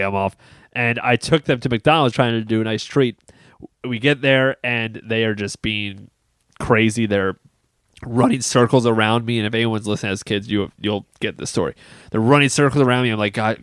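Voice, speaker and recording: A man's voice: fairly low pitch, no room sound, clean studio sound. A young man, a pastor and podcast co-host, telling a funny story in casual chat and laughing often.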